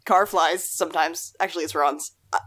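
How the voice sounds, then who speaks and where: A young woman co-hosts a relaxed podcast, musing over song lyrics in a loose, rambling way. Her voice still carries a rough morning edge. She laughs at herself and wanders off topic. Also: low-pitched, moderate pace. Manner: rambling, self-deprecating, laughs often. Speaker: podcast co-host. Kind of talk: casual chat about song lyrics.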